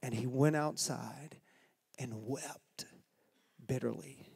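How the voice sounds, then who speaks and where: A man's voice: mid-range voice, takes it slowly, creaky, darkish tone, slightly rough. A male pastor preaching a sermon in a church, telling a story in a dramatic, folksy way. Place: church sanctuary. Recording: long reverb of a church hall.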